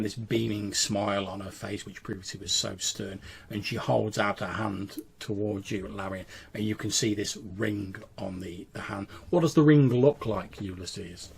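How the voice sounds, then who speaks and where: A man's voice: fairly low pitch, gravelly. A man narrating a tabletop role-playing game as game master, describing scenes with small hesitations.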